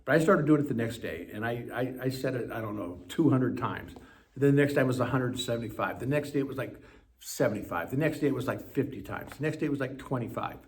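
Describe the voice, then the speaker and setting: A man as an interview guest, telling his story in an animated way with quick bursts. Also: medium pitch. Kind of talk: personal storytelling.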